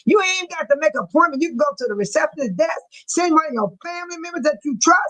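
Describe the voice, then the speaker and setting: A woman's voice: high-pitched, expressive, fast talker, fairly bright tone, low-quality recording. A middle-aged woman, hosting a casual livestream chat, laughing often and reading out viewer comments. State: laughing to tears. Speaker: livestream host.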